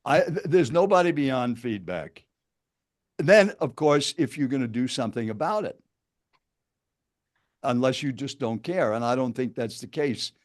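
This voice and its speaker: A man's voice: mid-range voice, expressive, measured pace, long pauses. An older man presenting an interactive seminar, telling a story straight to his listeners. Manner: storytelling, addresses listeners directly. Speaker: presenting speaker.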